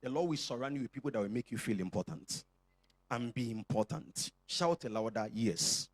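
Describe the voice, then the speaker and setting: Lively Nigerian pastor preaching. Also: male voice, medium pitch, moderate pace, dry recording. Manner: lively, joking with the congregation, call-and-response. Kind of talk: sermon. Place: church.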